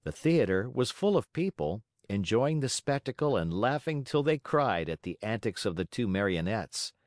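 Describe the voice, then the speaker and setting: Male audiobook narrator, low and animated, expressive storytelling, dry close-mic sound. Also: normal speed, dry recording. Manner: expressive storytelling with voiced characters. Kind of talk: scripted narration.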